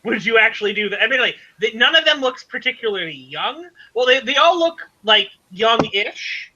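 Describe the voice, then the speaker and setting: A man running a tabletop game as game master, narrating haltingly with many fillers. His voice is high and sharply bright, and the audio sounds dull and lo-fi. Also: animated. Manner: rambling, hesitant narration with fillers.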